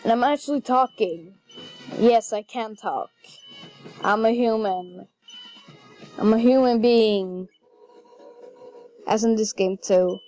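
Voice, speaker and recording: Slow-talking young woman commenting on gameplay. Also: a little high. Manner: chatty, excitable, easily flustered. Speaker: gaming channel host. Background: faint game music.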